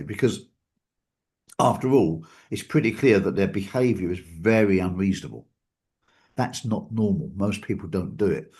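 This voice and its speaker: Guy with a lowish voice, thinking out loud, careful and hedging, repeats himself to make a point. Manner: thoughtful, hedging, repeats words for emphasis. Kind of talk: reflective casual talk.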